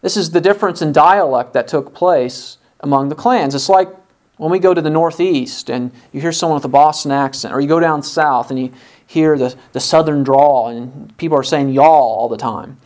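Preacher walking through a bible passage, sermon style, plain middle pitch. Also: moderate pace, a little mellow. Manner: expository, acts out biblical dialogue.

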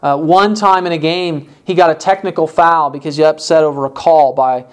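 A man preaching a sermon, reading scripture aloud and asking rhetorical questions, his pitch jumping up for emphasis. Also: steady tone, moderate pace, clean tone. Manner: pitch rises sharply for emphasis.

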